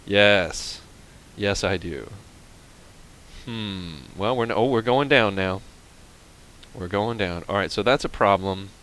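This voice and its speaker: A man giving casual, rambling let's-play commentary, mocking himself and now and then yelping with excitement. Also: lowish voice, takes it slowly, pauses often, a little hiss or hum, rough recording. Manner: self-mocking, rambling, bursts into excited yelps.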